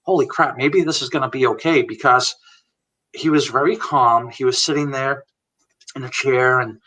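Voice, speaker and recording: A man in his forties tells his life story as a guest in a live chat, candid and plain-spoken, replaying conversations line by line. His voice is bright and forward. He sits a little back from the microphone, so he sounds slightly distant. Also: mid-range voice, steady tone, moderate pace. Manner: candid, retells conversations word for word, laughs now and then. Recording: voice a bit far from the mic.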